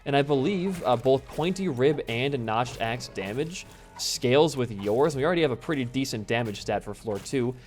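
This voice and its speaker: A man's voice: medium pitch, animated, normal speed, darkish tone, faint music behind. A man from the US Midwest doing casual gameplay commentary, telling a rambling story and swearing freely as he plays. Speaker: gaming YouTuber.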